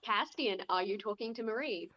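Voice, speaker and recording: A woman's voice: medium pitch, moderate pace, bright, forceful tone, lo-fi sound. A woman narrating a tabletop game as game master, in a chatty, easygoing way.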